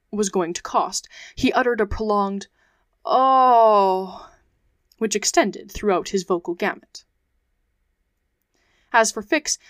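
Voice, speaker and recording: A woman podcast host narrating a classic adventure novel aloud, reading in measured phrases. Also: mid-range voice, dry recording, clean studio sound. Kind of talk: audiobook narration.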